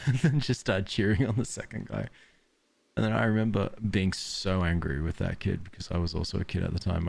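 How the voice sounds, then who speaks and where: A man's voice: sits low, creaky, darkish tone, breathy edge. An Australian man streaming a game, chatting casually and drifting off into rambling stories. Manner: rambling, tangent-prone storytelling. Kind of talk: casual gameplay commentary.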